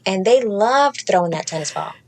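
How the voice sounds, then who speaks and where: A woman podcast host telling a comedic story in casual chat, profane and sassy, with animated delivery. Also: mid-range voice, normal speed, slight background noise. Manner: profane, animated, sassy delivery with mocking baby-talk impressions.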